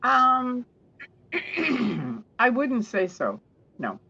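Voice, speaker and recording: A woman guest telling stories in an interview, chatty and warm, often restarting her sentences. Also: on the high side, wildly swooping pitch, very slow, vocal fry, husky, muffled recording.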